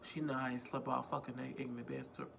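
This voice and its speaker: A man's voice: medium pitch, flat delivery, fast, vocal fry, fairly bright tone, slight background noise. A man vlogging a casual storytime on a phone, rambling, repeating himself and swearing freely. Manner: rambling, profane, self-repeating.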